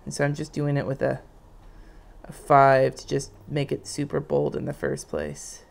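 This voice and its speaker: On a live stream, a thirty-something woman chats her way through a lettering lesson, rambling and demonstrating as she draws. Her bass voice has vocal fry and a flat delivery, and she keeps a moderate pace.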